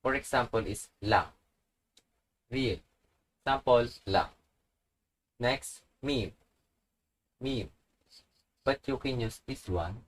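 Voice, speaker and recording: A man speaking at an unhurried, very slow pace as he walks through letter sounds one by one. His pitch sits in a middle range, and he repeats each sound patiently with example words. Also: low-quality recording. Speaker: language teacher. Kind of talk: slow instructional tutorial.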